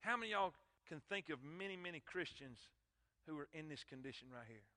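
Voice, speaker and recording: A man's voice: fairly high pitch, lively intonation, brisk, sharp tone. A man preaching a sermon, emphatic and calling out to his congregation. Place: church sanctuary. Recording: long hall reverb in church.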